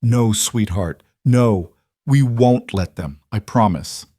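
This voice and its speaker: A man's voice: on the low side, takes it slowly, warm tone, no echo, studio quality. A man doing a fierce frontier wife. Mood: soothing. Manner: impassioned, urgent. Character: determined young frontier wife, fierce and protective.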